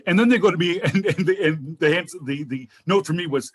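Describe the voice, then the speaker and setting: A man telling funny stories as a guest on a casual online talk show, lively and quick to act out the people he quotes. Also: on the high side, husky. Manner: animated, jumps into voices for quoted people. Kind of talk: casual comedic storytelling. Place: home video show, remote call.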